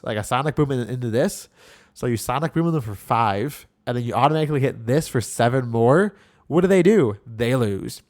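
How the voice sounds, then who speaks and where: Excitable young man explaining a card deck. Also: mid-range voice. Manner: excitable, rambling, enthusiastic. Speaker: card game content creator. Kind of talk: casual deck breakdown.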